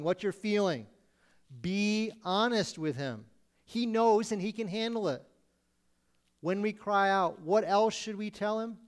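A man preaching a sermon, earnestly voicing pleading questions to God. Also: sits high.

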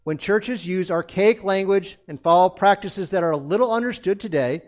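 A man's voice: high-pitched, moderate pace. A man preaching a sermon as pastor of a church, earnest and emphatic, building his points through repeated phrases. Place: church sanctuary.

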